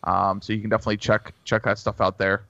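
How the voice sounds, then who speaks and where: Halting man on a dull, lo-fi mic. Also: lowish voice, little pitch movement, vocal fry, pushed and bright, no echo. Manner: halting, full of ums and uhs. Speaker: podcast regular, basketball blogger. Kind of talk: casual podcast chat. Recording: slightly dull, lo-fi audio.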